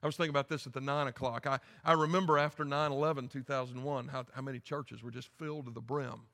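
A man, preaching a sermon in a blunt, folksy way that swings from quiet asides to loud preaching. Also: mid-range voice, fairly even intonation, fast. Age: 50s. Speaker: pastor. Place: large church sanctuary. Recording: echoey church hall.

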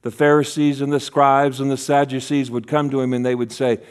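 A man preaching a sermon as a guest speaker, acting out voices in his stories and dropping to a hush for key lines. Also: medium pitch, a little fast, clean tone. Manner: animated, acts out voices in quotes, drops to a hush for key lines.

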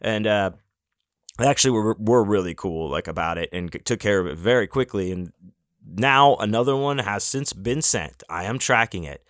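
A man's voice: fairly low pitch, moderate pace, a bit bright, no room sound, studio quality. A man hosting a podcast, talking in a casual, rambling monologue full of restarts and fillers, with the odd swear word. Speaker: podcast host.

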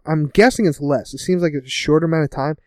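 A man casually recapping a TV episode with a co-host, laughing often and putting on quick voices for the characters. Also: fairly high pitch, a little mellow, dry recording, studio quality. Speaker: podcast co-host.

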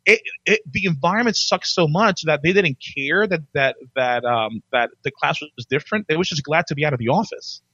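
A man with a somewhat high speaking voice tells his career story in casual podcast chat. He restarts often and jumps up in pitch when quoting himself. The sound is dry and close. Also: fairly quick, few pauses, bright, forceful tone, slightly rough, no room sound, muffled recording.

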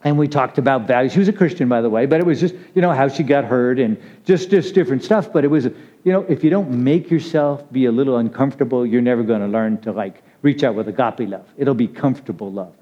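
In a muffled lo-fi recording, a man with a mellow, mid-range voice rattles off a relaxed sermon at a fast pace. His preaching is chatty and conversational, punctuated by laughter and by addressing listeners by name.

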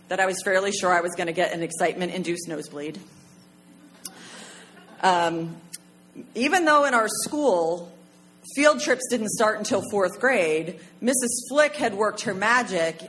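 A woman from Pennsylvania telling a personal story on stage, chatty and animated, with many "like" fillers. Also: medium pitch, slight background noise. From Pennsylvania, USA.

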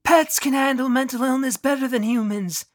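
A calm male doctor , put on by the narrator, talks in a lifted, slightly off-mic tone. He waves away every worry in a matter-of-fact way, like a storybook character who has done this many times. The reading is dry and close. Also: sits high, normal speed, dry recording, voice pushed up, lightly acted. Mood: reassuring. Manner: matter-of-fact, brushes off doubts.

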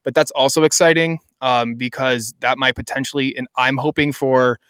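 Smooth-voiced man in chatty podcast talk. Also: medium pitch, fairly even intonation, normal speed, fairly bright tone, no echo. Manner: chatty, enthusiastic, rambling with restarts. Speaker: podcast co-host. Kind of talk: casual chat.

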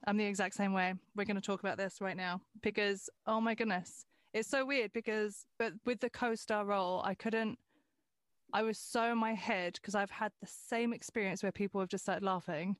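A woman at mid pitch talking casually, loose and conversational. The sound is close and dry. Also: fairly even intonation, moderate pace, dry recording. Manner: conversational, loose, frequent restarts and "like". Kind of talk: casual chat.

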